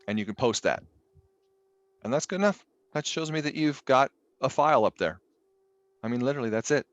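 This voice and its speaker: A middle-aged statistics instructor teaches a live online class, casual and jokey, with exasperated asides and mild swearing. His medium-pitched voice runs a little fast, and the audio is dull with no room sound.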